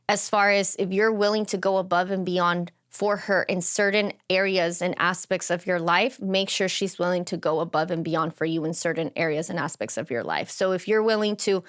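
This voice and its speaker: A woman's voice: mid-range voice, a bit bright, clean tone. A young adult woman co-hosting a podcast in casual chat, talkative and emphatic. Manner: talkative, emphatic, fast restarts. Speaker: podcast co-host.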